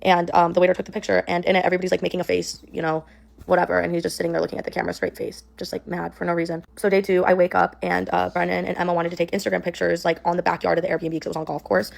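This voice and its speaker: A woman's voice: lowish voice, level tone, racing, gravelly. A young woman telling a personal story in a casual, rambling way, full of "like" and "um". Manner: rambling, heavy use of "like" and "um". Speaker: storyteller in a played clip.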